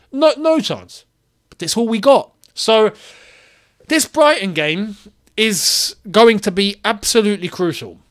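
Man, high-pitched, football vlog host, exasperated, animated, rhetorical questions. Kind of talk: solo football opinion vlog.

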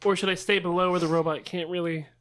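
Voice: medium pitch, steady tone, fast talker, fairly bright tone, clean tone. Tabletop player, casual, thoughtful, asks questions.

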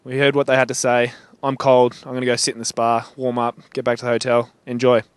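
A man's voice: mid-range voice, completely flat delivery, fast, clean tone, no room sound. A young man with an Australian accent asking students casual questions, joking and laughing often. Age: young adult. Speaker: interviewer. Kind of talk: casual street interview.

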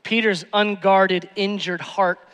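A man's voice: sits high, steady tone, slow pace, a bit bright, clean tone, in a large hall. A man preaching a sermon as pastor, emphatic, repeating phrases and asking rhetorical questions. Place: church sanctuary.

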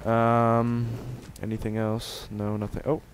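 A man doing let's play commentary, swinging from excited yelling and taunts to quiet muttering. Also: mid-range voice, slow, a little hiss or hum. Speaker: gamer.

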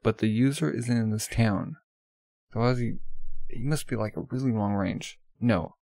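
A man's voice: on the low side, normal speed, creaky, dark tone, dry recording. A man reading a comic aloud, voicing a wary male fugitive who thinks aloud about an enemy he can sense.

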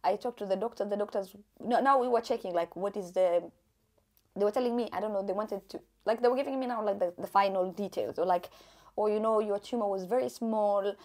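A young woman from Kenya, chatty and animated, telling her own story to camera in a casual vlog, laughing often. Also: mid-range voice, fast talker. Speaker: vlogger.

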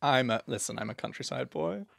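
A man co-hosting a podcast in a studio, chatting in a camp, theatrical way and cackling high when amused. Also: lively intonation, a little fast, a bit bright, no room sound. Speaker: podcast co-host. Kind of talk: camp comedic chat.

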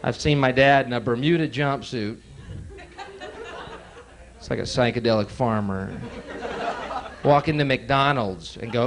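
A man's voice: mid-range voice, a little slow, pauses often. A young man from Texas in his twenties doing sardonic stand-up comedy, often laughing at his own jokes. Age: 20s. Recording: noisy 1980s live club tape.

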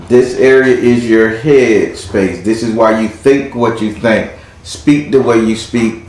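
Blunt joking man reading tarot, echoey. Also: medium pitch. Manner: blunt, joking, salty slang. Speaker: tarot reader. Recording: very echoey room, faint noise.

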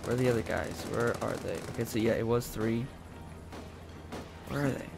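A man chats casually through his gameplay and calls out his moves with excitement. His voice has a gravelly fry to it, and game music plays loudly under him. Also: medium pitch, moderate pace. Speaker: gameplay commentator. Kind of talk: let's play commentary.

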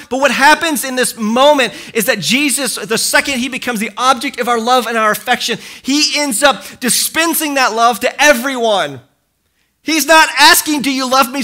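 A man's voice: extremely high pitch, pushed and bright. A man preaching a sermon in a church, passionate and repetitive, acting out quoted dialogue. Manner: impassioned, acts out quoted dialogue, repeats phrases for emphasis. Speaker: pastor. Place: church hall.

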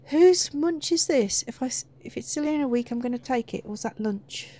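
A woman's voice: high-pitched, lively intonation, normal speed, dark tone. A woman giving casual let's play commentary on a horror game, chatty and reacting with gasps and squeals.

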